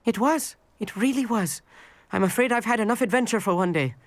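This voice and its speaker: A woman's voice: fairly high pitch, fairly quick, no room sound, close to an everyday voice. A woman voicing a nervous, bookish young student sidekick in a video game, speaking in a fretful, wordy, formal way.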